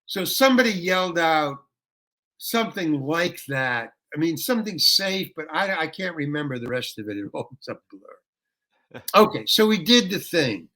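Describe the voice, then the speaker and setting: Older man, rambling and bright-toned. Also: fairly high pitch, lively intonation, moderate pace. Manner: rambling anecdote with restarts, bursts into ranting. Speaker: guest actor. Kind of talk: interview storytelling.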